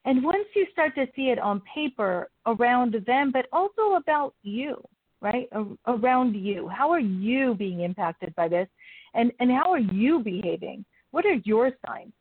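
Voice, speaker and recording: A woman's voice: on the high side, animated, unhurried, dry recording. A woman guest coach in an interview, giving advice with frequent laughs and acting out sample questions. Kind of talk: interview conversation. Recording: tinny phone-like call audio, dry.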